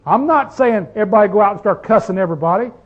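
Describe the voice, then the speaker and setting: A man with a high voice preaches a sermon, firing rhetorical questions at his listeners and stretching out the phrases he wants to land. The recording is dull and lo-fi. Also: animated. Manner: emphatic, rhetorical questions to the congregation; drawn-out stress on key phrases.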